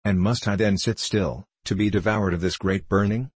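A man's voice: on the low side, steady tone, moderate pace, slightly rough, no room sound. A man reading an anguished hunter. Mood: pleading, sad. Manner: pleading, emotional speech. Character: anguished young hunter seeking truth.

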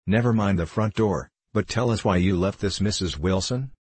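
A man's voice: lowish voice, normal speed, breathy edge. A man voicing a stern, impatient male coroner who questions curtly, in a storybook reading. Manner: curt, sharp questioning.

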